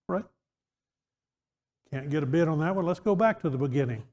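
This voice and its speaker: In a church auditorium that gives the recording a hall echo, a man teaches an interactive Bible class conversationally, asking listeners questions and restarting sentences often. His slightly high voice is expressive and a little mellow, at a normal pace.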